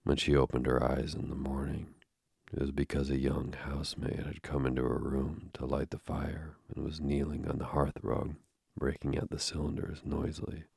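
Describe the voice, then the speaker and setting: A man narrating an audiobook in a measured, steady reading with a gravelly voice. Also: very deep voice, no room sound, clean studio sound.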